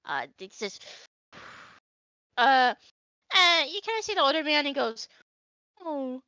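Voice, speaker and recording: A woman game master narrating a tabletop game in a bright, slightly high voice. She talks in a loose, hesitant way full of fillers, recorded dry and close. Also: very animated, slow pace, no room sound, dull audio.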